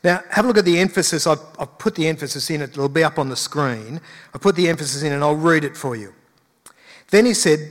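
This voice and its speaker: A man's voice: a little high, lively intonation, fairly quick. Preaching man in a reverberant hall. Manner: conversational preaching with emphatic rises. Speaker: pastor. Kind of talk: sermon.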